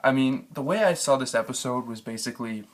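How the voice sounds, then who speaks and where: A man's voice: medium pitch, fairly quick. A man giving a casual spoken review of a TV episode, frustrated and ranting, swearing freely. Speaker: TV show reviewer.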